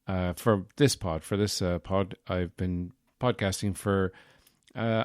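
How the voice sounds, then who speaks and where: A man's voice: deep voice, a little mellow, smooth, dry recording, studio quality. A man hosting a solo podcast, rambling through a casual, jokey chat with the odd swear. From Ireland. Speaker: podcast host.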